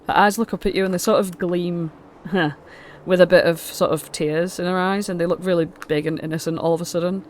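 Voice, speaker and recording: A woman's voice: fairly low pitch, fairly even intonation, a little fast, hardly any pauses, a little hiss or hum. A woman narrating as game master, rambling with many fillers.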